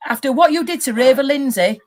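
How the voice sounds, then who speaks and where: A woman's voice: high voice, brisk. Furious swearing woman ranting. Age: adult, married. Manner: furious, swearing heavily, loud outbursts. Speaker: guest caller on a live stream. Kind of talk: angry rant on a live stream.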